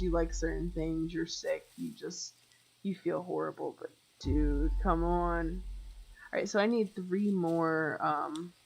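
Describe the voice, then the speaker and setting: A young woman streams a game while chatting casually with her viewers, rambling from one story to the next with plenty of fillers. Her voice sits a little on the low side. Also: gravelly, poor audio. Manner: talks to chat viewers directly. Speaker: gaming live streamer. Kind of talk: casual chat while playing.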